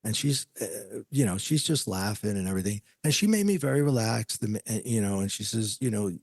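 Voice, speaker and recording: A man's voice: lowish voice, fairly quick, gravelly, darkish tone, dry recording. A man telling a personal story as a podcast guest, acting out the voices of the people he quotes.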